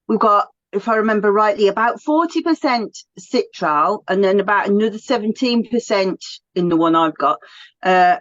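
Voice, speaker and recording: A woman co-hosting an aromatherapy talk, chatting with animated enthusiasm in a casual educational way. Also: medium pitch, dry recording. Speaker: aromatherapy co-host. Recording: dull dry lo-fi recording.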